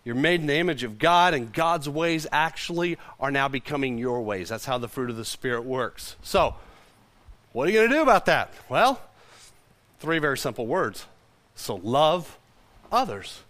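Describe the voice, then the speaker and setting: A male pastor preaching a sermon to a congregation in a conversational, animated way, often repeating words as he goes. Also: on the high side, no room sound.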